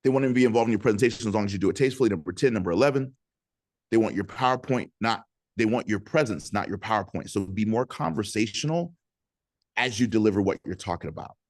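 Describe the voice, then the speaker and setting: Energetic low-voiced man coaching speakers. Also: quick pace, no room sound, clean studio sound. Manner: energetic, punchy, checks in with "right?" and call-and-response. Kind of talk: motivational teaching talk on a video call. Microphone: video call.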